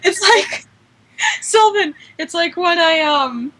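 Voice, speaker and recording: A young woman co-hosting a casual fan podcast, eager and quick, asking the guest questions. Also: very high-pitched, lively intonation, fairly bright tone. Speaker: co-host.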